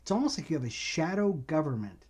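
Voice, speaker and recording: A man co-hosting a casual political chat on a faith podcast, speaking in a measured, deliberate way with frequent ums and repeated phrases. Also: a little high, very animated, darkish tone. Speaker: co-host.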